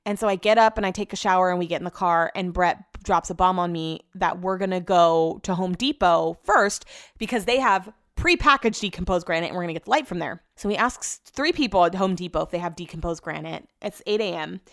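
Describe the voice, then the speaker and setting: A woman's voice: on the low side, fairly quick, fairly bright tone, no room sound, clean studio sound. Chatty young woman telling a story. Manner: chatty, rambling with many likes and restarts. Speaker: vlogger. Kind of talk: casual storytelling. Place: home office.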